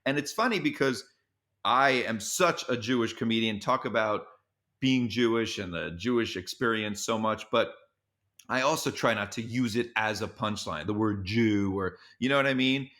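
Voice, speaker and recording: A male comedian with a bright, forceful voice tells stories as a podcast guest. He talks in an animated way. He stumbles and repeats words as he goes. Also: fairly low pitch. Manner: animated, quick restarts and repeats. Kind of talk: podcast interview storytelling.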